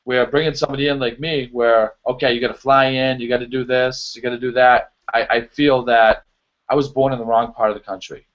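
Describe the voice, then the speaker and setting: A man talks casually as a guest, telling stories with lots of fillers and easy laughter. His pitch sits in the middle, and the recording sounds dull and lo-fi. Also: a little fast. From US East. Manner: animated storyteller, laughs easily, many fillers. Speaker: show choir choreographer and guest. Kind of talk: casual interview chat. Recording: dull lo-fi audio.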